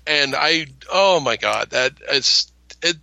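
A man's voice: fairly high pitch, expressive, slow pace, creaky, bright, forceful tone, dry recording, poor audio. A man co-hosting a podcast, chatting about a TV episode with enthusiasm. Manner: enthusiastic, gushing. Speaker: podcast co-host. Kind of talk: casual TV rewatch discussion.

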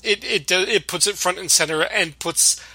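A man hosting a podcast, chatting casually and retelling scenes in an animated way. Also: sits high, moderate pace, husky, no room sound. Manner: animated retelling, mimics lines. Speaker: podcast host. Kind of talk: casual chat.

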